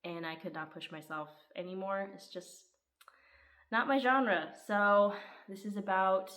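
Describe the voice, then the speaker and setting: A woman's voice: mid-range voice, steady tone, measured pace, fairly bright tone, poor audio. A woman chatting casually as she reviews the books she read, often laughing and acting out lines with sudden lifts in her voice. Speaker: book reviewer. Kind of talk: casual book review chat.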